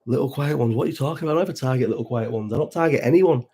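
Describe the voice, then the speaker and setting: A man's voice: mid-range voice, racing, mellow, breathy edge. Rambling Bolton-accented man in his thirties. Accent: Bolton, Northern English. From Bolton, England. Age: 30s. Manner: rambling, swears freely, reads and answers chat. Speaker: livestream host. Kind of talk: casual watch-along chat.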